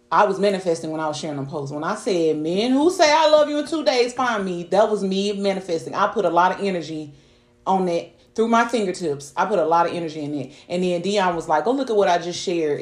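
A young woman hosting a podcast, talking bluntly and profanely in casual storytelling chat. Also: on the low side. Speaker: podcast host. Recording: roomy echo.

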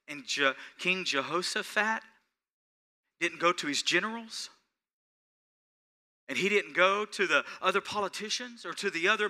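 A man preaching a sermon, building to rising, emphatic passages and slowing to stretch out key phrases. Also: on the high side, pushed and bright. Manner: preaching with swelling intensity and slow, drawn-out emphasis. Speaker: pastor.

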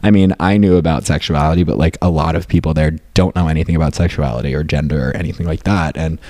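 A man's voice: extremely low pitch, fairly even intonation, fast, warm tone, no room sound. A young man from rural upstate New York, chatting casually as a guest, rambling with many fillers and restarts. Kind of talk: casual chat.

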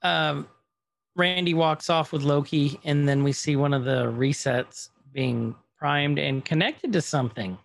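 A man's voice: on the high side, measured pace, creaky, no room sound. A man casually recapping a TV episode on a podcast, retelling scenes and quoting the characters as he goes. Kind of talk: casual chat.

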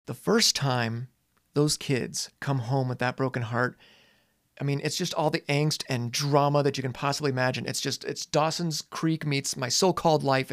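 A man in his forties, a teacher and parent, talking earnestly and casually with dramatic pauses and some swearing. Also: mid-range voice, dry recording, clean studio sound. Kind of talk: reflective monologue.

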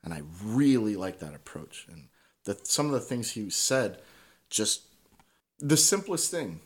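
A man's voice: on the low side, sing-song, measured pace, husky. A man telling stories as a podcast guest in casual conversation, swearing freely and tagging his points with "right?".

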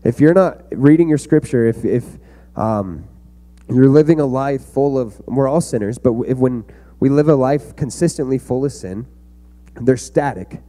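A man's voice: mid-range voice, animated, moderate pace, mellow. A young man giving an earnest, conversational youth sermon to a room of kids. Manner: earnest, conversational preaching with fillers. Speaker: youth pastor.

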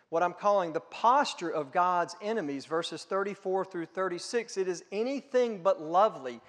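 A man preaching a sermon with a fairly high voice. He talks earnestly and conversationally, asking questions aloud. His voice rings with a long reverb, as in a big hall. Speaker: pastor.

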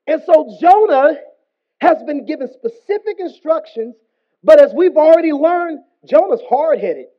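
A man's voice: very high-pitched, expressive, a little slow. A man preaching a sermon in a casual, humorous and slangy storytelling style. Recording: dull lo-fi recording.

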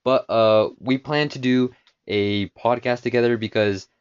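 A man's voice: mid-range voice, steady tone, a little slow, clear, resonant tone. A man hosting his own podcast in a casual, rambling way, full of fillers and restarts. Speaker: podcast host. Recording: dull lo-fi home recording.

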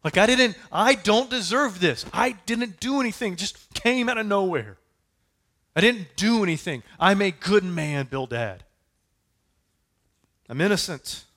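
A man's voice: sits high, animated, measured pace, fairly bright tone, voice pushed up, heavily acted. A man voicing a suffering, desperate man who pleads passionately and insists on his innocence. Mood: protesting. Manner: impassioned, pleading, repetitive cries.

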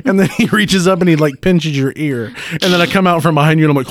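A man co-hosting a podcast, chatting casually and telling animated stories with frequent laughter. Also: fairly high pitch, quick pace. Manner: animated storyteller, laughs often. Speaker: podcast co-host. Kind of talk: casual chat.

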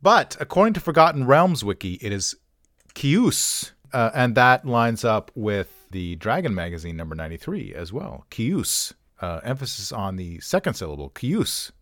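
A man's voice: lowish voice, big pitch swings, a little fast, few pauses, fairly bright tone, dry recording, studio quality. A man hosting a pronunciation channel, talking casually with wry, offhand jokes and self-mocking asides. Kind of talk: casual talk-through with jokes.

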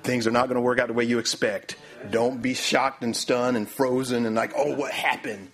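A man's voice: medium pitch, little pitch movement, normal speed, faint music behind. A man preaching a sermon in a mid-range voice, often repeating "my, my, my." He calls for the next slide while he speaks.

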